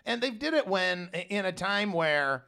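A man co-hosting a radio show, bantering in a relaxed and enthusiastic way. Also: sits high, a little slow, gravelly. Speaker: radio co-host. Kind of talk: casual radio chat. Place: radio studio.

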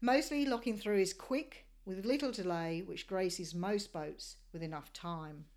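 Woman, slightly low voice, measured scripted voice-over for a sailing travel vlog. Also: a little mellow. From Australia. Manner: measured, descriptive storytelling. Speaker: sailing narrator.

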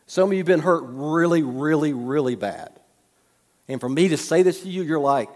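A man preaching a sermon, telling folksy stories with humorous asides and dropping to a soft hush at times. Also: a little high, animated, moderate pace. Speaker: pastor. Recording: long hall reverb.

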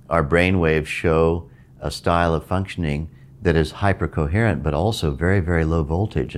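A middle-aged man, a meditation teacher, giving a reflective spoken talk in a measured way, repeating phrases for emphasis. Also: very deep voice, darkish tone.

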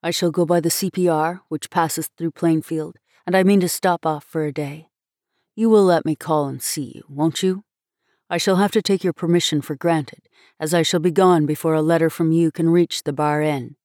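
A man's voice: a little high, steady tone, moderate pace, a little mellow, no room sound, clean studio sound, pitched below the performer's own voice, close to an everyday voice. Woman reading as a courteous young man. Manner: formal, polite.

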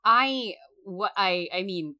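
A woman talking through a film in a casual, emphatic discussion, animated and swearing freely. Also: medium pitch, slow.

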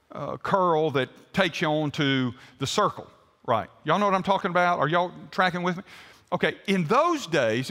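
A man's voice: on the high side, bright, forceful tone, in a large hall. An older man, preaching a sermon to his congregation in a folksy way and asking them questions. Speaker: pastor. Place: church sanctuary.

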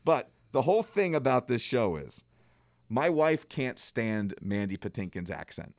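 A man's voice: medium pitch, very animated, measured pace, no room sound, studio quality. A man co-hosting a radio talk show, chatting in a rambling, self-deprecating way. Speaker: radio co-host.

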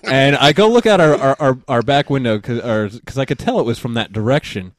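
A man's voice: mid-range voice, animated, fairly quick, no echo. A man, a podcast guest, telling a rambling story in a casual chat, swearing freely and laughing as he goes.

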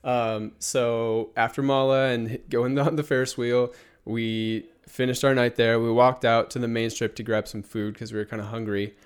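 A man's voice: mid-range voice, little pitch movement, normal speed, clean tone. Young man, podcast co-host, casual chat, laid-back, rambling. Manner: laid-back, chatty, trails off and restarts.

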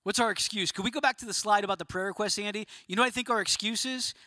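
A pastor preaching to a room of men, emphatic and questioning, sometimes dropping to a quiet, low voice for emphasis. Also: male voice, racing, no room sound. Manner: emphatic, rising to near-shouting questions. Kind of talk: sermon. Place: room of about a hundred men.

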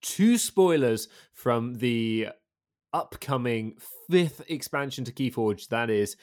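A man co-hosting a podcast in casual chat, upbeat and quick to laugh. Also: mid-range voice, animated, darkish tone. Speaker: podcast co-host.

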